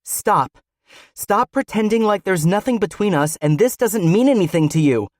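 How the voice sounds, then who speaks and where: A man voicing a hurt, defiant young woman in an audiobook, speaking softly but pointedly. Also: sits high, lively intonation, moderate pace, no echo, studio quality, pitched above the performer's own voice.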